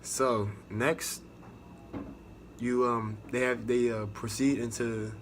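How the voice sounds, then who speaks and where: A man's voice: mid-range voice, flat delivery, slow, slight background noise. A young American man with an American accent, casually recounting his navy boot camp experience in a profane, rambling way with many restarts. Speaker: navy recruit sharing experience. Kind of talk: casual storytelling vlog.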